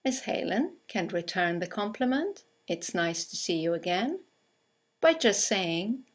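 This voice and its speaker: Slow, husky-voiced woman teaching English. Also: mid-range voice, sing-song. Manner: slow, clear teaching delivery, reading example dialogues aloud. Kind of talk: scripted English lesson narration.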